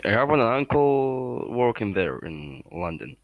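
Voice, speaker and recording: A man's voice: medium pitch, sing-song, a little slow, vocal fry, dry recording, narrow, tinny audio. A man from Algeria making brief, friendly small talk on a voice call. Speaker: stranger on a voice chat.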